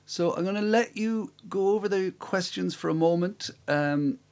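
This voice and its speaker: Sitting high in pitch with a darkish tone and a moderate pace, a man hosts a live-streamed quiz from a room at home. He reads the questions and answers, peppering them with chatty, self-deprecating remarks.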